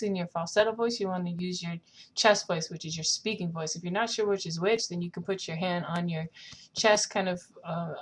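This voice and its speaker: A young woman teaching a singing lesson, explaining technique and singing short lines to demonstrate. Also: fairly low pitch. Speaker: vocal coach.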